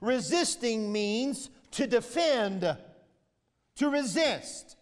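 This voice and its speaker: A man's voice: extremely high pitch, expressive, extremely slow, big-room sound. A male pastor preaching an impassioned, emphatic sermon, growing emotional as he goes. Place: church sanctuary.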